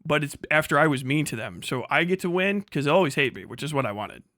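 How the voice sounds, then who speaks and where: A man ranting through a casual livestream in a bright, high voice, crude and profane, laughing often. The sound is dry and close. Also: lively intonation, fast talker, no echo. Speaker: streamer host.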